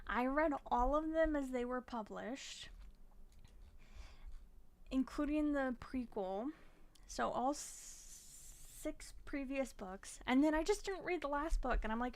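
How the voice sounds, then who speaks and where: Young woman, casual book vlog, chatty, blunt, slightly high voice. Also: animated, measured pace. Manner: chatty, frank, swears when frustrated. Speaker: book vlogger. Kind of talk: casual chat.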